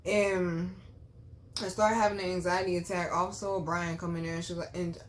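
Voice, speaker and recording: In a frank chat with her audience, a woman who vlogs and does spiritual readings recounts her own experiences bluntly and animatedly, full of curse words. She moves briskly, alternating hushed low mutters with loud eruptions.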